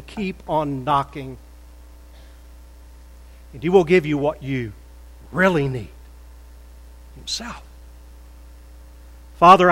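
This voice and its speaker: An older man preaching a sermon in a church, stressing words loudly, then dropping to a soft prayerful tone. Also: a little high, long reverb tail, poor audio. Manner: emphatic, swings between loud stresses and soft prayer. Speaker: pastor. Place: church sanctuary.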